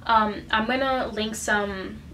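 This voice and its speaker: A woman's voice: on the high side, fairly even intonation, slow pace, sharp tone, slight background noise. Earnest, emotional young woman vlogging. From United States. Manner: emotional, earnest, full of fillers and restarts. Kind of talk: casual personal vlog talk.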